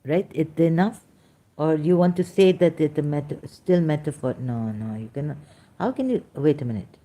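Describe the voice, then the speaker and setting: Woman lecturer, low mellow voice; halting non-native English, unhurried, reading out verses. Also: lively intonation. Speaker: religious critic presenting scripture.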